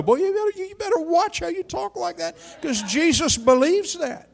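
An older man preaching a sermon, telling a personal story with dramatic swings between quiet and loud. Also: extremely high pitch, moderate pace, vocal fry, hardly any pauses.

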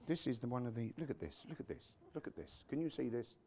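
A man's voice: mid-range voice, animated, fast talker, dark tone, slight background noise. A man preaching a sermon to his congregation, quoting scripture, dropping muttered asides and joking with the people in front of him. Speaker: pastor.

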